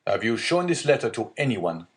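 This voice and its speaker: A man's voice: lowish voice, very animated, moderate pace. A man voicing a stern male magistrate who hides his panic in a read-aloud storybook, with a curt, commanding delivery.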